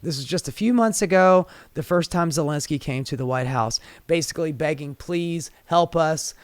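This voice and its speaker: A man's voice: on the high side, a little fast, no echo. A man giving sarcastic, profane political commentary. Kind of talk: commentary video.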